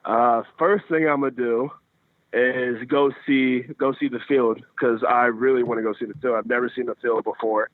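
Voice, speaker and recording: A young man in his twenties, a guest baseball pitcher, gives casual interview answers over a phone call. His medium-pitched voice is steady and moderately paced, and the tinny line sounds dry and close with no room sound. He replies in an easygoing way, often looping back to restart his phrases.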